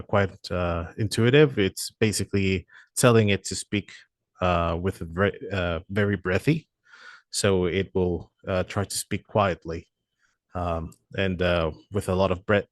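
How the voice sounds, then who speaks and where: Hesitant man with a low voice, dry sound. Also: no echo. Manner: hesitant, many "uh" fillers. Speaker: product presenter. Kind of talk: software feature walkthrough.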